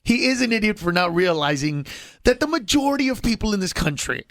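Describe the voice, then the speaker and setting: A male comedian, a guest on a morning radio show, talking in an excitable, animated way and laughing as he goes. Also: sits high, a little fast. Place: radio studio.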